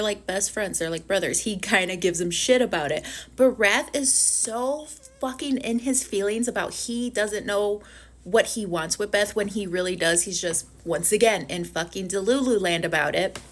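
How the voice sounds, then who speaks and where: A woman reviewing a TV episode in a casual vlog. She rants in an animated, profane way and fills her speech with "like". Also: mid-range voice. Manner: filler-heavy with frequent "like". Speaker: book reviewer.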